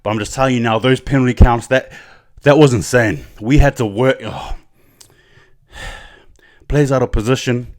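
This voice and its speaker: A man ranting as a fan-channel host, mid-pitched and impassioned. His review swings between fired-up anger and softer pride, with a fast, emotional delivery.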